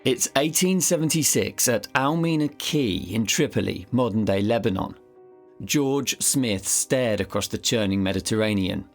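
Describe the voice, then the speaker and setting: Low-voiced man telling a dramatic story. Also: gravelly. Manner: suspenseful, vivid storytelling. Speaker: storyteller and narrator. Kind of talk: dramatic scripted narration.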